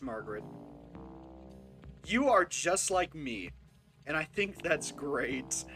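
A game streamer giving casual live commentary, excitable and swearing freely, swinging between loud outbursts and hushed asides. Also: medium pitch, slow, long pauses, soft background music.

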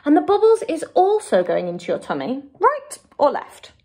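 A huge, friendly giant booms out his muddled words with loud, swinging emphasis, as an English woman puts him on for a storybook reading. His lines leap up and down in pitch with lots of drama. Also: huge pitch swings, normal speed, full character voice. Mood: explaining. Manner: booming, emphatic, garbled grammar.

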